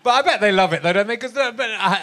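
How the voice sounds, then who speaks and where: Host: man, raised pitch, wry, ribbing the guest between questions. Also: racing, a bit bright. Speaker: podcast host. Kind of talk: comedy interview chat.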